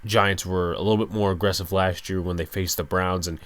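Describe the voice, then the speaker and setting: A young man hosting a solo sports podcast, speaking low and hushed late at night, with a resigned, frustrated fan's tone. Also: fairly even intonation, brisk, no room sound. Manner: resigned, frustrated fan rant. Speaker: podcast host.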